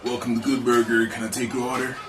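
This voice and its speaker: A man playing a bored young fast-food cashier in a comedy sketch, with a flat, dismissive manner. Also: medium pitch, reverberant, distant mic, music in the background, lightly acted.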